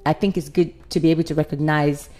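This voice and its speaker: Low-voiced chatty woman podcast co-host. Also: fairly even intonation, fast, mellow, soft background music. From Nigeria (Edo State, Benin City). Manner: teasing, laughing, talks over her co-host. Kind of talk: casual chat.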